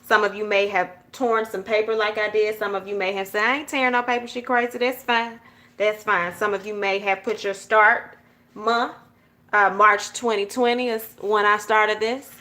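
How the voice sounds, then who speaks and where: A woman's voice: medium pitch, level tone, moderate pace, bright, forceful tone. A woman from Georgia with a Southern accent, hosting a casual journal-with-me tutorial and chatting straight to her viewers. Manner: chatty, talks straight to viewers with frequent "y'all" and "okay?". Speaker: journaling channel host.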